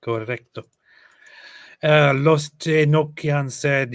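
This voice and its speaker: A man's voice: mid-range voice, moderate pace, no echo. A man co-hosting a casual livestream, joking and reading viewer comments aloud. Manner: joking, reads comments aloud, laughs often.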